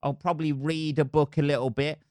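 A man's voice: fairly high pitch, little pitch movement, brisk, a little mellow, no room sound. A man from England talking on his own podcast, rambling and swearing, mocking himself as he goes. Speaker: podcast host. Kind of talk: casual solo monologue.

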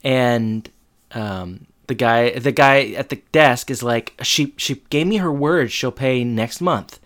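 A man talking through a TV episode recap in a relaxed, rambling way, his sentences padded with ums and likes. His voice sits at a mid pitch. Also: takes it slowly. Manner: loose, filler-heavy retelling with frequent "like" and "um". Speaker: podcast co-host recapping a TV episode. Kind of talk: casual chat.

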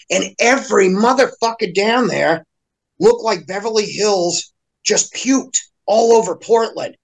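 A man's voice: high voice, rough recording. A man in a casual podcast chat, ranting heatedly with constant swearing and mocking impressions of other people. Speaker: podcast guest. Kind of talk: profane casual rant.

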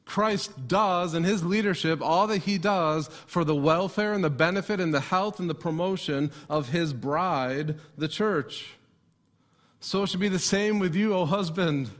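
Male pastor, sermon delivery, slightly high voice, questions the room as he preaches. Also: fairly bright tone. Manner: preaching with rhetorical questions to the congregation.

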